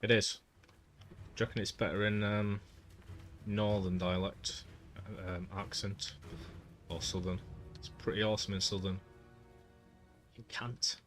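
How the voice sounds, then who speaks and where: A man's voice: fairly low pitch, fairly even intonation, moderate pace, pauses often, a bit bright, soft background music. A man streaming a game, chatting casually and muttering to himself as he plays. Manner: chatty, mutters to himself while playing, drops into accent impressions. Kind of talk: casual gameplay livestream chat.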